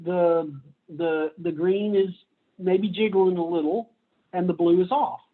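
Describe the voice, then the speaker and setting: A man's voice: high-pitched, fairly even intonation, measured pace, phone-quality sound. A man giving a casual, conversational college lecture. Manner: conversational, plays out little voices. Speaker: university lecturer.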